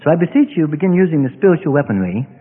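Animated preacher man in an echoey hall. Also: on the high side, very fast, slightly rough. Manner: animated, acts out little dialogues. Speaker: pastor. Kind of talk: sermon. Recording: phone-like, echoey hall recording.

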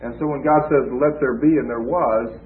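A man's voice: mid-range voice, fairly even intonation, moderate pace. A man delivering a teaching sermon, explaining things patiently and stopping often on filler sounds. His voice comes through thin and tinny like a phone line, with a faint hiss under it. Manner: explanatory, with frequent filler "uh" and restarts. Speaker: preacher.

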